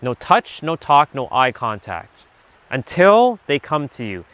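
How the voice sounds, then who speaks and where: A man hosting a livestream while out on a walk, talking loosely and casually, filling his talk with "like" and now and then letting a swear slip when he gets animated. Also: fairly high pitch, dry recording. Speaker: livestream host, self-improvement speaker. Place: outdoors on a walk. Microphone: handheld gimbal rig.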